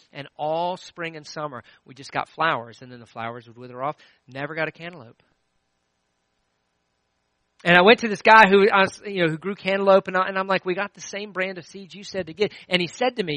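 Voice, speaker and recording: A middle-aged male pastor preaching a sermon in a conversational, storytelling way, with frequent restarts and swings between loud and hushed. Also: sits high, dry recording, poor audio.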